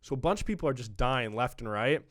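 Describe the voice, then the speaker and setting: A young man hosting a podcast in casual chat, relaxed and swearing freely as he tells stories. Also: mid-range voice, fast, no room sound, clean studio sound. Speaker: podcast host.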